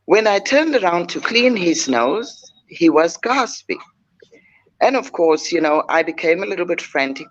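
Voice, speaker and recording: An older woman, a guest telling a personal story in a measured, heartfelt way with frequent pauses. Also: on the low side, big pitch swings, highs cut off. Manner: measured, heartfelt, pausing often.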